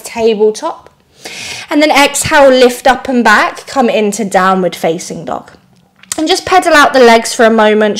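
A woman leading a yoga flow class, giving calm, encouraging cues timed to the breath and a little out of breath. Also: medium pitch. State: slightly out of breath. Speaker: yoga instructor.

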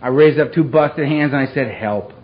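A man giving a raw, dramatic recovery talk to a live audience, with dark humor and a street-casual way of speaking. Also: a little high, level tone, fairly quick. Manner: street-casual, peppers speech with "man" and "you know". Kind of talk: personal recovery story told to a live audience. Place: meeting hall with a live audience. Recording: dull, lo-fi live talk recording with faint hiss.

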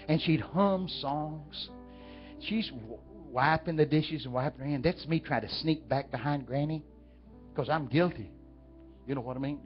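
A man from Texas with a Texan accent, preaching through folksy stories and asking the crowd questions. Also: a little high. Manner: folksy, talks directly to the audience. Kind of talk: storytelling sermon. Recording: dull lo-fi with faint music.

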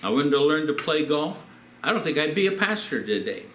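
A man's voice: fairly high pitch, sing-song, a little fast, fairly bright tone, reverberant. An older man, a pastor, telling personal stories in a sermon and acting out the quotes. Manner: storytelling with acted quotes. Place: church.

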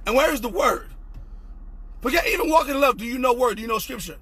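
Young male preacher, high husky voice, fervent and repetitive online sermon with shouted peaks. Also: lively intonation, fast, no room sound. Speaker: pastor.

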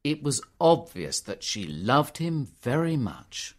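Slow, expressive male story narrator. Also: mid-range voice. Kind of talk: graded reader audiobook narration.

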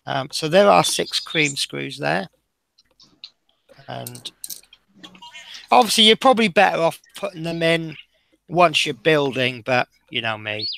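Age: unknown. Sex: man. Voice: bright, gravelly. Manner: chatty, self-deprecating. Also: on the high side, animated, unhurried, pauses often, a little hiss or hum. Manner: chatty, self-deprecating, talks through each step. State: tired. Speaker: live-stream model-building host. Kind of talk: casual live-stream commentary.

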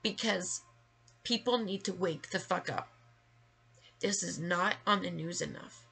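A woman's voice: on the low side, measured pace, vocal fry, sharp tone, breathy edge. A woman vlogger delivering an emotional, angry rant to the camera, emphatic and full of swearing. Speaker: vlogger sharing her story.

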